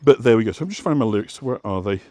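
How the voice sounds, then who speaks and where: Strolling an outdoor path, a West Yorkshire man who guides walks and hosts a vlog explains things in a casual, rambling way, stopping and restarting often amid many fillers. His fairly low, warm voice is expressive and rapid-fire. The audio is studio quality and echo-free.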